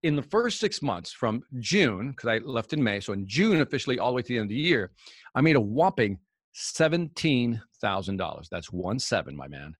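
A man's voice: mid-range voice, normal speed, no echo. Dry-voiced man telling a story. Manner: animated storyteller acting out dialogue. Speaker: guest, professional speaker. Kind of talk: storytelling interview chat.

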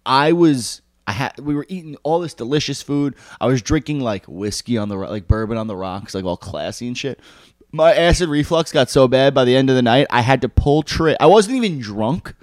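A man around thirty from the New York area rattles off crude, animated anecdotes in a relaxed podcast chat. His voice sits at an ordinary middle pitch. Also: brisk. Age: 30s. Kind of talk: casual comedic chat.

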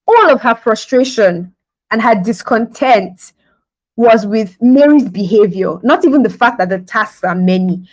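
A woman's voice: a little high, animated, a little slow, rough recording. A woman giving a devotional sermon on a podcast in a conversational style, laughing often and acting out the scenes she describes. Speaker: podcast preacher.

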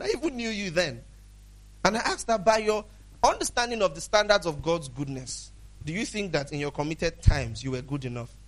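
High-voiced male pastor preaching conversationally. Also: fairly bright tone. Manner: conversational preaching, acts out dialogues, laughs often. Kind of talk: sermon.

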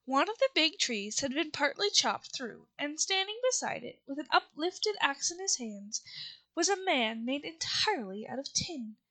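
A woman reads a children's novel aloud in a steady, unhurried way, stumbling on a word now and then. Her voice sits high and sounds bright and clear. It has the easy tone of reading chapters to listeners. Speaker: reader.

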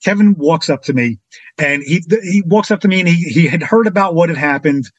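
A husky, fairly high-voiced man tells a story in a relaxed, chatty way. He performs other people's lines with sudden leaps in pitch and energy. The sound is close and dry, with no room around it. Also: fairly quick, no room sound, highs cut off. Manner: animated, acts out quotes with big pitch jumps. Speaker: podcast guest. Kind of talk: casual storytelling anecdote.

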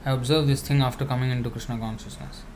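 A man giving a conversational spiritual talk, answering questions with many fillers and restarts, now and then laughing softly. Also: medium pitch, fairly even intonation, quick pace, noisy background.

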